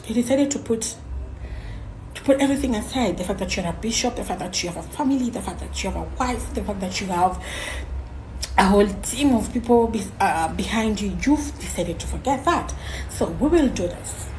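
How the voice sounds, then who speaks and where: A woman's voice: mid-range voice, fairly quick, slight background noise, poor audio. Indignant young woman venting to camera. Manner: expressive, indignant, switching to hushed asides. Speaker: influencer. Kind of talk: emotional selfie video.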